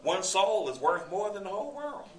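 A man with a high, very animated voice speaks at normal speed, recorded in an echoey room on a distant mic. He's a preacher teaching a sermon verse by verse in a conversational way, quoting scripture and posing rhetorical questions.

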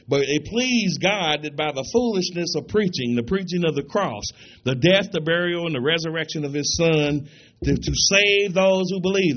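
A man with a fairly high voice preaching a sermon in a church. He is emphatic, fires rhetorical questions at the congregation and slows down when reading scripture aloud. The recording sounds dull and lo-fi.

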